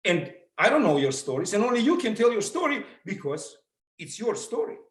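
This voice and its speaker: A middle-aged man with a Russian accent giving an animated motivational talk, acting out the voices he quotes. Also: high voice, a little fast, reverberant. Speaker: motivational speaker. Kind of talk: public speaking talk.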